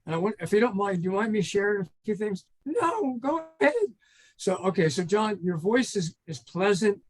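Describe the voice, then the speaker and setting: A man's voice: high-pitched, steady tone, fairly quick, rough recording. An older man, a trainer and consultant, guesting on an interview and telling rambling stories that act out phone calls. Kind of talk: casual storytelling in an interview.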